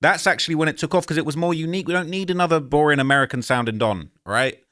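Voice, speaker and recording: Man, bright tone, casual slangy commentary, late 20s. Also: on the high side, quick pace. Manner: slangy, chatty, keeps checking in with the listener. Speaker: reaction video host.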